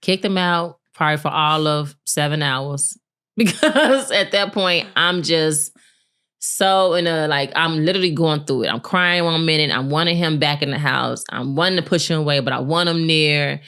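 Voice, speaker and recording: A woman's voice: low voice, normal speed, clean tone. A married woman co-hosting a podcast, candidly telling a personal story in casual chat and acting out what people said. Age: adult, married with a son. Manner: candid, animated retelling with laughs and acted-out quotes. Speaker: podcast co-host.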